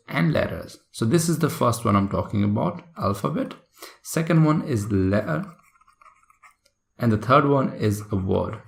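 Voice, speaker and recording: Low gravelly-voiced male tutor. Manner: explanatory, checks in with listeners. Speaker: English test tutor. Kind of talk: recorded video lesson.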